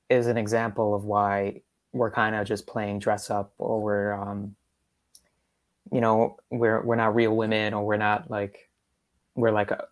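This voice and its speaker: A woman on a video call speaking in a thoughtful, earnest way in a panel discussion. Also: a bass voice. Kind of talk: casual discussion.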